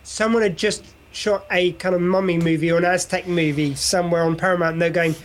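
A man's voice: high-pitched, fairly even intonation, a little fast. A man co-hosting a podcast, chatting casually and often laughing as he riffs. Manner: giggly, rambling jokes. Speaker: podcast co-host. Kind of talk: casual chat reviewing a TV episode.

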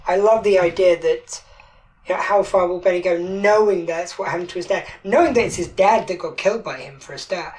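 A woman's voice: lowish voice, a little fast, darkish tone, low-quality recording. A woman co-hosting a podcast in casual chat. She is an actor and talks enthusiastically, often restarting her sentences.

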